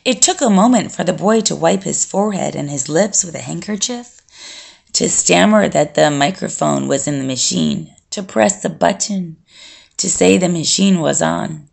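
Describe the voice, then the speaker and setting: A woman narrating an audiobook in a slow, unhurried reading. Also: lowish voice, vocal fry, a little mellow.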